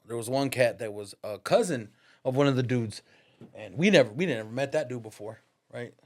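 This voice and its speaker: A man's voice: mid-range voice, animated, brisk. Man telling a profane story. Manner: profane, slang-heavy, addresses listener as "dog"; laughs through his stories. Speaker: podcast guest, barber. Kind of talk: casual storytelling.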